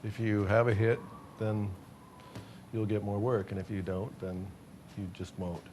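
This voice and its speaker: A man's voice: lowish voice, flat delivery, measured pace, a little mellow, a little hiss or hum. A man being interviewed as a musician guest, chatting casually in a rambling, self-deprecating way and laughing often.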